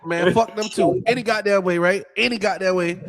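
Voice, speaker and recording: A man from Florida with a notably high voice spins a story on a casual podcast. He swears constantly and keeps the telling animated, checking in with his listeners over and over. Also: fairly quick, crowd noise. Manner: profane and animated, repeating "you know what I'm saying". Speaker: podcast co-host.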